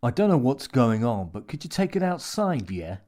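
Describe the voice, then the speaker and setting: Casual young barman, put on by a male story reader; loud and offhand. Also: medium pitch, very animated, normal speed, voice pushed up, close to an everyday voice.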